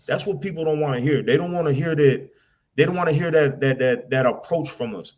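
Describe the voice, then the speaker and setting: A man's voice: on the high side, a little fast, a little mellow. A man preaching bluntly in a casual rant, often repeating and stumbling over words. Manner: blunt, repetitive, slangy, mimics people in asides. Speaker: street preacher.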